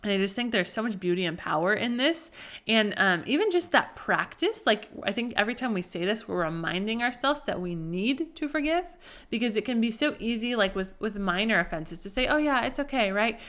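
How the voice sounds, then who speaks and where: A woman's voice: mid-range voice, expressive, a little fast, a bit bright. A woman in her thirties hosting a faith-based parenting talk, earnest and conversational, with frequent asides. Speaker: podcast host.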